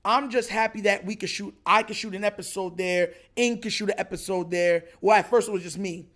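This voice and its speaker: A man hosting his own podcast, telling a story casually and acting out excited moments. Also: high-pitched, fairly quick. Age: adult. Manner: animated, retells others' lines with raised excited voice. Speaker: podcast host.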